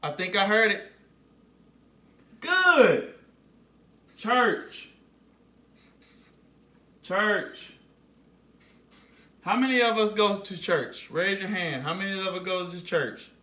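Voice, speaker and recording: Guy teaching kids phonics real slow, bright voice, says words over and over. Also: high-pitched, recorded from a distance. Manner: slow, repeats words for children to echo. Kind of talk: phonics lesson for young children.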